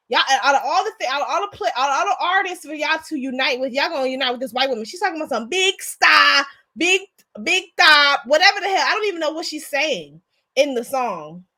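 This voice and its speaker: A woman's voice: high-pitched, bright, forceful tone. A woman of Jamaican background hosting a casual show, ranting bluntly with profanity and many restarts. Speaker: podcast host. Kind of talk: casual opinion rant.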